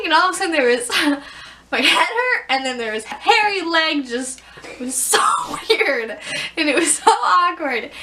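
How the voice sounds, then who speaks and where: Giggly young woman telling stories. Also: sits high. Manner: giggly, animated, acts out scenes. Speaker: vlogger. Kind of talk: casual storytelling vlog.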